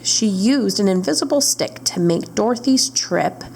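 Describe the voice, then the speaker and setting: Librarian lady reading a kids story out loud, a bit of vocal fry, faint hiss behind. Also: medium pitch, a little slow, rough recording. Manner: steady narration with small self-corrections. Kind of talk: storytime read-aloud.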